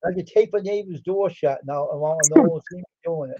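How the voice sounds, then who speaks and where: A man's voice: on the high side, normal speed, mellow, slightly rough, dull audio. A man casually telling a long, rambling story from his school days on a livestream, breaking into quoted voices. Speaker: livestream host.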